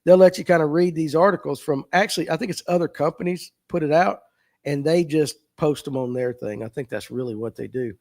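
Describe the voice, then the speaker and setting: A man's voice: on the high side, brisk, gravelly, a little mellow. Folksy man hosting a fishing stream. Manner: folksy, joking, reads comments aloud and riffs on them. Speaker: host of a fishing talk stream. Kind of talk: casual live-stream chat reading viewer comments.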